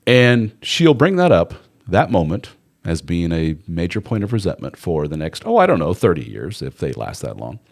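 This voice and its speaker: A man with a very deep voice hosts a live advice stream in a loose conversational way. His intonation swings widely as he talks, and he is blunt and candid, with the odd swear word. He slips into mock voices for the people he quotes. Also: huge pitch swings, moderate pace, vocal fry.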